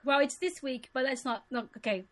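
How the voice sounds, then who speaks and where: A woman's voice: high voice, fairly quick. A woman co-hosting a podcast, chiming in with brief, wry interjections during casual chat. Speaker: podcast co-host.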